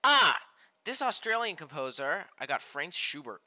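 A young man streaming a game live, reacting with loud outbursts and reading game text aloud. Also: a little high, very animated, normal speed. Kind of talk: live gameplay commentary. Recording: game music behind voice.

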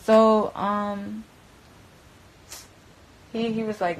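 A woman's voice: fairly low pitch, normal speed, a little hiss or hum, poor audio. Profane young woman from Broward telling a story. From Broward County, Florida. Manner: profane, slangy, keeps saying "bruh". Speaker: interview guest. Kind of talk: candid storytelling.

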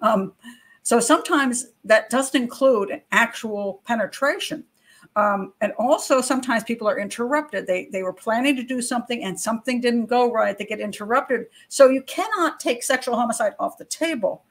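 An older woman, both criminal profiler and channel host, speaks on the high side at a normal speed. She gives viewers her frank, opinionated view of true-crime cases, breaking in with casual asides and posing rhetorical questions.

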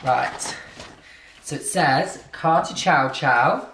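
A man's voice: on the high side, very slow, creaky, a bit bright. A British man filming a home vlog, chatting to his dog in a sing-song baby-talk way from a camera set on a chair in his living room. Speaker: vlogger and dog owner. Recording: echoey room with background noise.

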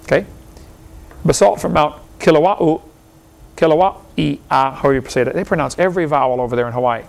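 Gravelly, higher-voiced man lecturing. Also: normal speed. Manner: folksy, argumentative, fires rhetorical questions, chuckles often. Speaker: seminar lecturer. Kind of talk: lecture to a live audience.

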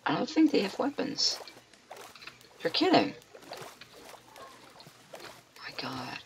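Excitable man narrating his gameplay. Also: high voice, a little slow, a little hiss or hum. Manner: excitable, talks to himself with frequent exclamations. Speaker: gamer. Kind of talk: let's play commentary.

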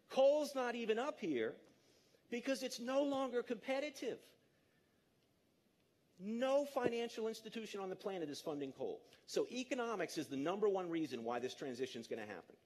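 A man in his fifties gives a live public talk in an energetic, emphatic way and engages the audience directly. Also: high voice, moderate pace. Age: 50s. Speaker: conference speaker.

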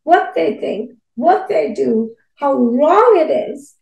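A woman's voice: high voice, expressive, slow pace, vocal fry, dull audio. A middle-aged woman co-hosting a podcast, firmly scolding her co-host in a heated casual debate. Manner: firm, scolding. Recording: echoey room.

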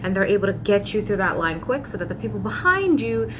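A woman talking casually to camera in a vlog. She talks in an animated, pleading way and sounds exasperated. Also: medium pitch, brisk, background noise. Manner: animated, breaks into mimicked customer voices. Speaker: vlogger.

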